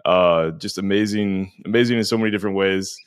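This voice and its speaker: A man hosting a podcast, introducing his guest in a relaxed way with many fillers. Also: low voice, brisk, clear, resonant tone, dry recording, studio quality. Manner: relaxed, filler-heavy, effusive praise. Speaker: podcast host.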